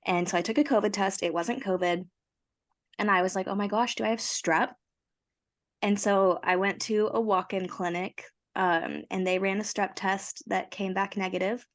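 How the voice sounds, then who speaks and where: A young woman co-hosting a casual podcast, her voice hoarse from a cold, telling her story in a chatty, self-mocking way. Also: medium pitch, steady tone, normal speed. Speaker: podcast co-host. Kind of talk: casual chat.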